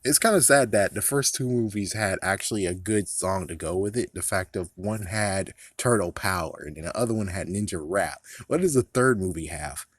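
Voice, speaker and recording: A man's voice: deep voice, moderate pace, few pauses, no echo. A man in casual movie commentary, rambling, swearing and laughing at his own jokes. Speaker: vlogger.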